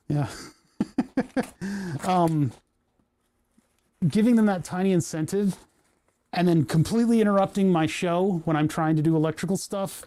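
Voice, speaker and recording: A man's voice: fairly high pitch, warm tone. A man who streams on Twitch, chatting casually to himself while tinkering at his workbench, grumbling and joking.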